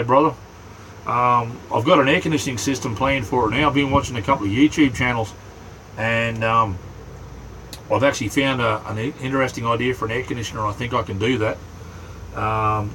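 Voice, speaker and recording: A middle-aged Australian man hosting a casual livestream from inside his small camper, rambling in a relaxed way and greeting viewers by name. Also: medium pitch, slight background noise, low-quality recording. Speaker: livestream host.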